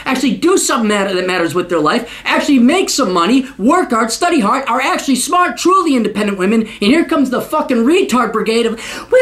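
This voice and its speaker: A worked-up man delivering a profane, sarcastic rant to camera. His pitch swings widely, climbing and dropping with the emphasis. The talk is blunt and scornful throughout. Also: a bit bright. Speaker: host. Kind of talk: ranting monologue.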